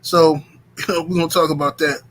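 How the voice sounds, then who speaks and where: Male stream host, bright and a little high, casual and chatty, big on viewer shout-outs. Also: fairly quick, a little hiss or hum. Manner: hypes the chat, shouts out viewers by name; relaxed with many fillers. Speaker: host of a boxing talk stream. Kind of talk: casual live-stream chat.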